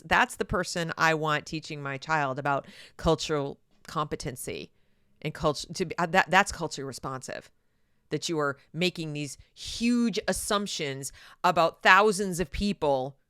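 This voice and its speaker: A woman hosting an opinion commentary monologue, speaking in an animated, sarcastic way. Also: medium pitch, moderate pace, clear, resonant tone, no echo, studio quality. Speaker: channel host.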